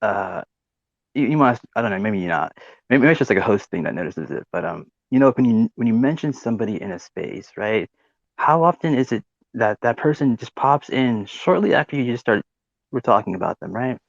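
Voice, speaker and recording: A man hosts a live audio chat room, rambling quickly and swearing freely. His voice is gravelly. The recording is dry and lo-fi. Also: lowish voice, lively intonation, no echo. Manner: rambling, swears, many fillers like "you know" and "right". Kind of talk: casual chat.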